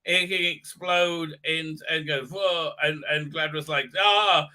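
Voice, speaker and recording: A man's voice: on the high side, level tone, a little slow, bright, forceful tone. A man hosting a live stream, giving a crude, sarcastic rant with many filler sounds. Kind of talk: ranting pop-culture commentary.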